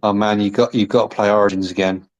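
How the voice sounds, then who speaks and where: Man, podcast host, fairly low voice, playful teasing chat. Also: little pitch movement, quick pace. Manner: teasing, chatty, encouraging. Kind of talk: casual interview chat.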